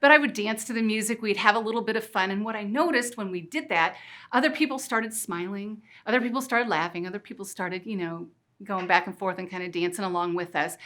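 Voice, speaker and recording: A middle-aged woman giving an energetic motivational talk, playful and full of rhetorical questions. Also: medium pitch. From Missouri. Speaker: keynote speaker. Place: conference stage.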